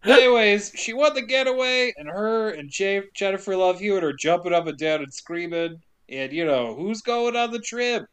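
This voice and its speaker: A man's voice: sits high, moderate pace, hardly any pauses, clear, resonant tone. A man co-hosting a casual podcast, recapping a movie with lots of laughter and acted-out quotes. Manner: animated, laughs often, acts out quotes. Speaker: podcast co-host.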